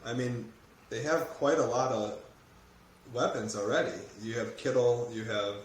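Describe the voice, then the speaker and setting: A man's voice: mid-range voice, fairly even intonation, measured pace, slight background noise. A man chatting casually and animatedly, laughing as he talks. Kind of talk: casual chat. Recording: very echoey room.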